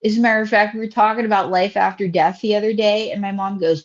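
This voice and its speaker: A woman comedian from Pennsylvania chatting quickly as a guest on an interview show. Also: mid-range voice, steady tone, poor audio. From Pennsylvania, USA. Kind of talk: casual interview chat.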